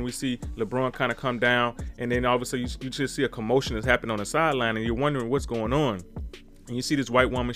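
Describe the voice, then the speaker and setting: A man's voice: medium pitch, fairly bright tone. A man hosting a podcast, giving heated, emphatic commentary in a casual, slangy way. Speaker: podcast host.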